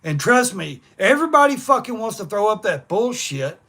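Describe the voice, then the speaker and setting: A man's voice: high voice, big pitch swings, moderate pace, pushed and bright. Blunt, profane man ranting. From East Tennessee, USA. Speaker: livestream host. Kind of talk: unscripted livestream rant.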